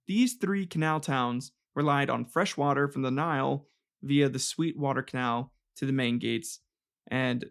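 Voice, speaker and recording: A man hosting a casual comedic history podcast, rambling and joking, swearing and tripping over names. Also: mid-range voice. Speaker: podcast host.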